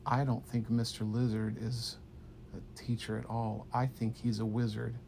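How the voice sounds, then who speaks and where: A man voicing a young schoolboy friend who speaks in a hushed, confiding way in a spoken bedtime story. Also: mid-range voice, little pitch movement, moderate pace, creaky, a little hiss or hum, close to an everyday voice.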